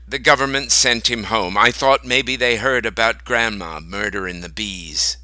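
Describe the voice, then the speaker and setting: A man reading a short story aloud as narrator, slow and deliberate. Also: mid-range voice, sharp tone, no echo, rough recording.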